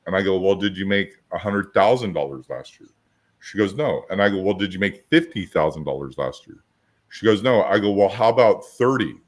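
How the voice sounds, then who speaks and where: Low-pitched, expressive and fairly quick, this man hosts a podcast where he chats about coaching. A business coach by trade, he tells stories and acts out both voices in each exchange.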